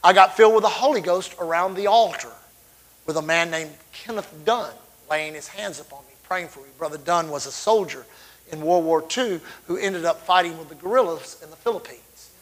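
Fervent preacher, higher voice. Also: male voice, normal speed, poor audio. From Texas. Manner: fervent storytelling with sudden loud swells and drops. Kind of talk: sermon.

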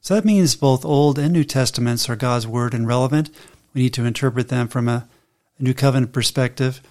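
A man co-hosting a faith podcast, calm and measured, reading and explaining scripture steadily. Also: medium pitch. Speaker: podcast co-host and Bible teacher. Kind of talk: casual faith podcast chat.

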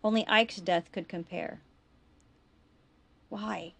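A woman reading her own fiction aloud in a steady, expressive storytelling voice. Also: mid-range voice, normal speed.

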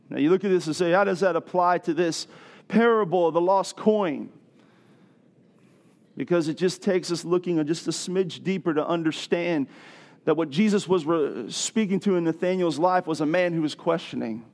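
A middle-aged man preaching a sermon, telling a personal story and building to loud, emphatic passages. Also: on the high side, normal speed. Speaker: pastor.

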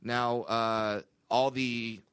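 Brief: male comedian host, storytelling, medium pitch, dry close mic. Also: little pitch movement, drawn-out words, fairly bright tone, smooth, no echo. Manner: anecdotal storytelling, frequent laughter. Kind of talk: casual podcast chat.

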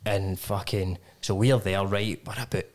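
A man's voice: deep voice, fairly even intonation, a little slow, darkish tone. A man in his twenties with a Glaswegian Scottish accent, hosting a casual podcast chat and telling rambling, sweary anecdotes. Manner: sweary, rambling storyteller full of "like" and "mate". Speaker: podcast host.

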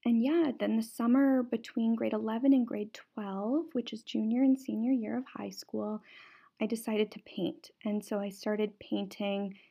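A woman's voice: fairly high pitch, little pitch movement, unhurried, gravelly, dark tone. A young adult woman from Canada hosting a podcast, telling her personal story in an earnest way and often repeating words for emphasis. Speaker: podcast host.

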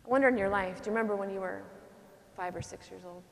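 A woman's voice: medium pitch, fast talker, creaky. Earnest woman preaching in a reverberant hall. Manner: earnest, animated storyteller who drops to a soft voice for tender moments. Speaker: religious sister giving a talk. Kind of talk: preaching talk with personal story.

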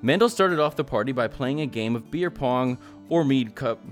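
A man's voice: mid-range voice, animated, moderate pace, faint music behind. A man hosting a tabletop game podcast as dungeon master, recapping the story in an upbeat way. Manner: upbeat recap, laughs with players.

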